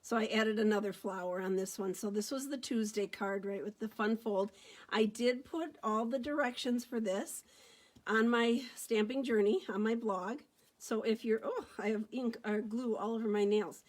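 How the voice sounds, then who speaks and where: A woman's voice: on the high side, normal speed. A middle-aged woman demonstrating card-making on a casual live stream, chatty and upbeat, greeting viewers by name as she talks into her phone.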